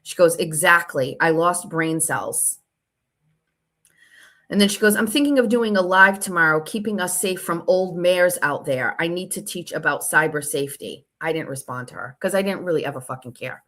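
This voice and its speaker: A woman's voice: fairly low pitch, normal speed, fairly bright tone. A woman hosting her own show, telling a long story in a casual, sarcastic and profane way while reading out text messages. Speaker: show host.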